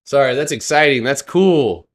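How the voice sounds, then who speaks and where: A man's voice: fairly low pitch, a little slow. A man hosting a casual stock trading livestream, reading charts and joking with his chat. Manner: laid-back, joking with chat, laughs often.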